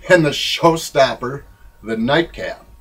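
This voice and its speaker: A man reading his own memoir in a rambling, wry, irreverent way, swinging between loud bursts and low mutters. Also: animated, slow pace, breathy edge, poor audio. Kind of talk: spoken-word memoir reading.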